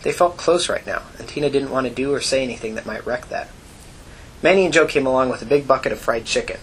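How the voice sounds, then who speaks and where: A man reading a gritty novel aloud in a plain, even storytelling manner. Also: medium pitch, fast talker, a little hiss or hum, rough recording. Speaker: audiobook narrator. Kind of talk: scripted narration.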